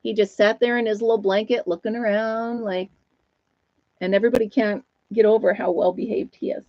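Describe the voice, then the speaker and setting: A woman's voice: medium pitch, steady tone, brisk, dry recording. Middle-aged woman host, Upstate New York accent, laughs a lot, casual live chat with viewers, dry muffled home mic. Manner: chatty, laughs often, talks to her dog and viewers. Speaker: livestream host.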